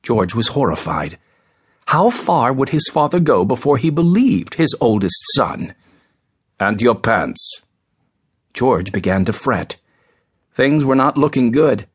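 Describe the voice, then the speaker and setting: A man narrating an audiobook in an expressive, dramatic storytelling manner. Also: mid-range voice, slightly rough.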